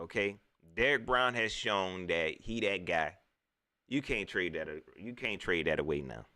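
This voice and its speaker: Animated man ranting about football. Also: low-pitched, normal speed. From Southern United States. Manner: animated, preachy, repeats his points, slangy. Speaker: sports vlogger, fan commentator. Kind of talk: ranting fan commentary.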